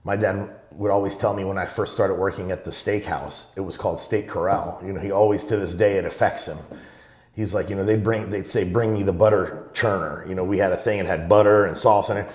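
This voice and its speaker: A middle-aged man from Los Angeles speaks in a low voice as a podcast guest, winding through memories in a casual, rambling way. He often falls back on "you know" while he retells what his father used to say. The room around him has a noticeable echo. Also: steady tone, brisk. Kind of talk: casual storytelling.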